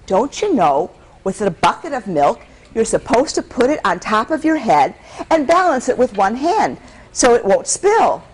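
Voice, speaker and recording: An exasperated village mother scolds in a high, lively voice, stretching her exclamations out loudly. She is a figure a woman storyteller puts on in a spoken folktale. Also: moderate pace, breathy edge, rough recording. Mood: scolding.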